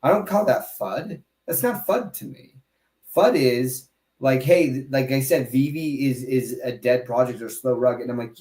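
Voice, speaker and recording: Speaking with strong emphasis, this podcast host breaks off into brief tangents and keeps restarting what he's saying in a casual chat. His voice is medium in pitch with a darkish tone, set in a noticeably echoey room.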